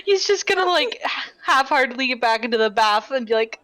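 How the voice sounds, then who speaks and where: Brief: high, bright, very lively woman player, laughs a lot. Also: a little fast, rough recording. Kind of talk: tabletop role-play.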